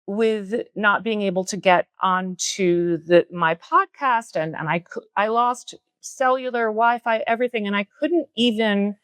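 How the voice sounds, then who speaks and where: A middle-aged woman, a spiritual and yoga teacher, speaking earnestly on a podcast from a retreat center and slowing down to stress key words. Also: medium pitch, fairly bright tone, smooth, no echo, clean studio sound. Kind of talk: reflective spiritual talk on a podcast.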